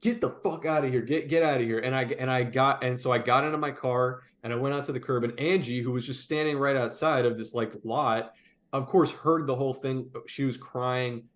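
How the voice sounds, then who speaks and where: Young male podcast co-host, lively and swearing, casual anecdote delivery. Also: mid-range voice, moderate pace. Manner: animated, profane, frequent "like" fillers. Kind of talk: casual storytelling chat.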